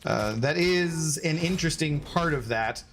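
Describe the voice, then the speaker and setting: A man's voice: lively intonation, unhurried, a bit bright, slight background noise. A man live-streaming a game, chatting loosely with viewers and reading their comments aloud. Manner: rambling, chatty, reads chat aloud; high, scolding baby talk to his dog. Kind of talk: casual live-stream chat.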